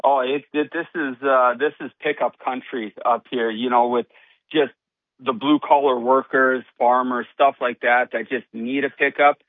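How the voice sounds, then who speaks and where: A man's voice: mid-range voice, fairly even intonation, normal speed, dry recording. Laid-back car salesman, mid voice, dry, tinny phone-line sound. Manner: easygoing, folksy, repeats himself. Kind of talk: casual radio chat.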